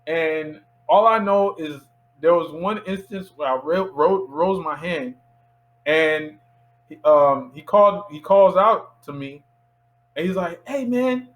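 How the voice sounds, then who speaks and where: A man in his thirties from Miami, a filmmaker guest telling a lively anecdote in a casual interview and acting out the voices of people in it. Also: on the high side, takes it slowly, highs cut off. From Miami, USA. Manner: animated anecdote teller who acts out quoted voices.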